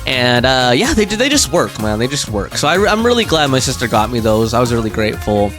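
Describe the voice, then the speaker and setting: Chatty young man streaming, lively pitch. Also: a little fast, over music. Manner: rambling, chatty, many fillers and restarts. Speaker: game streamer. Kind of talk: casual live-stream chat.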